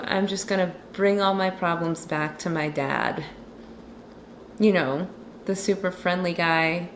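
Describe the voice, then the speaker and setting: A woman's voice: on the low side, gravelly, a little hiss or hum. A young woman chatting casually and sarcastically about a movie while she draws, rambling with lots of fillers. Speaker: vlogger recapping a movie while drawing. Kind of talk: casual chat.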